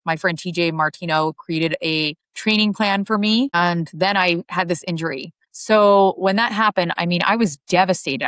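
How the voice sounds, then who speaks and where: A woman ultrarunner with a fairly low, slightly bright voice chats casually as an interview guest, filling her speech with "like." The recording has no room sound.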